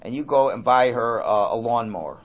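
A man's voice: medium pitch, lively intonation, moderate pace. A man, a rabbi, teaching an informal Torah class in a rambling, conversational way full of asides and restarts.

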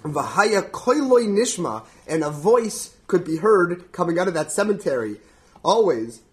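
Animated man teaching Talmud. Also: sits high, unhurried. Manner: animated, laughs often, translates Hebrew and Aramaic phrases as he goes. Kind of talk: Talmud study class.

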